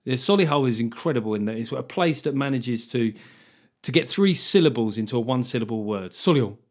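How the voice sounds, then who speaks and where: A middle-aged man talks through his solo comedy podcast. He is wry and a bit sweary, and he keeps sliding into jokey asides. His voice sits at an ordinary middle pitch for a man. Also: lively intonation, fast talker, darkish tone. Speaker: podcast host.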